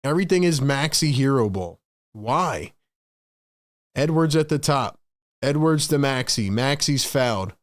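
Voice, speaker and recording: A man's voice: mid-range voice, lively intonation, measured pace. A man doing live play-by-play for his own fan stream, calling the action and ranting in frustration between plays. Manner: sighs and rants between calls.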